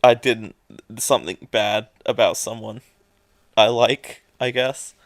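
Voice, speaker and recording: A man co-hosting a podcast in casual chat, talking haltingly with lots of fillers and restarts. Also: on the low side, fairly even intonation, no room sound, studio quality. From England. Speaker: podcast co-host.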